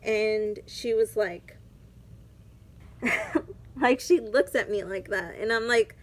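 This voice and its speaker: A woman's voice: mid-range voice, unhurried. A young woman vlogger telling a personal story in a casual, chatty way, full of "like" fillers.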